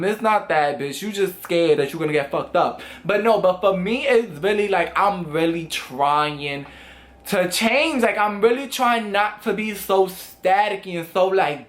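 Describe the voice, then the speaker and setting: Animated high-voiced young man. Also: moderate pace. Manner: animated, swearing, acts out quoted voices. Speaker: vlogger. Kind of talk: casual storytime vlog.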